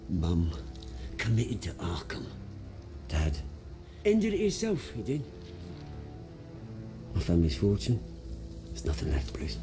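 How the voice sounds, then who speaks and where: A man's voice: low-pitched, wildly swooping pitch, slow, long pauses, over music, heavily acted. An actor with a British accent playing a brash, resentful young man who has lost his family fortune, in a video game. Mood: bitter. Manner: swaggering, resentful, theatrical.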